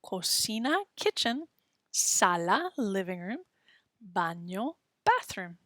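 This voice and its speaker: A woman teaching young children, patient and encouraging. She speaks slowly and carefully, at a middle pitch. The recording is dry and close, with no room sound. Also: very animated, sharp tone, no room sound. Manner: patient, encouraging, slow and clear. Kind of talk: children's language lesson.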